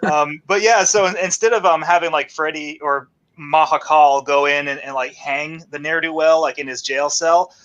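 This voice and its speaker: A man's voice: a little high, steady tone, normal speed, few pauses, a bit bright, dull audio. A man in casual chat, reviewing a cheap horror movie with a co-host, loose and laughing often. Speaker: podcast co-host.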